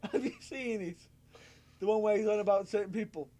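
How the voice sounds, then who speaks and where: A man's voice: high-pitched, moderate pace, dark tone. A man co-hosting a wrestling podcast, laughing often and repeating himself as he talks. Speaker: podcast co-host. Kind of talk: casual wrestling chat.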